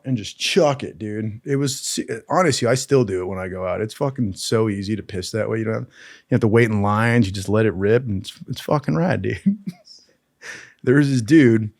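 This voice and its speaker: A man's voice: lowish voice, creaky, darkish tone, no echo, clean studio sound. A man casually telling crude, profane stories from his military training, with a laid-back manner and lots of "dude". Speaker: storyteller recalling military training.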